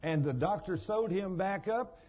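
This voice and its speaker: A man's voice: high voice, animated, a little slow, husky, dull audio. A man preaching a sermon in a folksy, emphatic storytelling manner.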